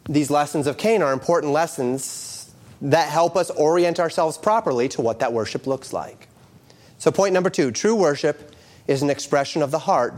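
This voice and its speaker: A middle-aged male pastor preaching a sermon, moving from quoted scripture into lively storytelling. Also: on the high side.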